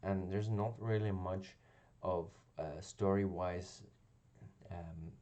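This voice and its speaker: A man's voice: low voice, fairly even intonation, slow, dark tone. A man giving a casual spoken review of a television episode, talking hesitantly with many ums and restarts. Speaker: video reviewer.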